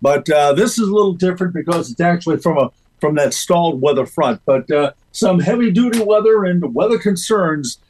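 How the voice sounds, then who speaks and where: A man's voice: on the high side, animated, brisk, few pauses, darkish tone, rough recording. A man giving a casual weather report on a radio show, easygoing and full of filler words. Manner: easygoing, filler-heavy delivery. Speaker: weather forecaster.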